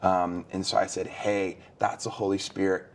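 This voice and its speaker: A young man sharing a faith testimony as an interview guest, earnest and animated, often restarting and repeating words as he tells the story. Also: sits low, normal speed, vocal fry, a little hiss or hum.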